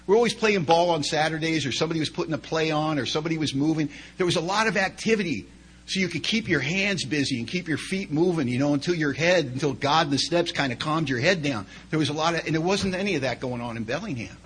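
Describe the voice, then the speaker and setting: A man's voice: a little high, fast, a bit bright, slightly rough, rough recording. A middle-aged man, telling personal stories in a loose, conversational way as a speaker at a recovery meeting. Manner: conversational, chatty with many asides. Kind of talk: storytelling talk.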